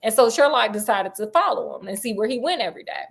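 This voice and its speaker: A woman's voice: a little high, lively intonation, quick pace, creaky. A woman storyteller retelling a classic detective tale in a chatty, slangy way, talking straight to her listeners.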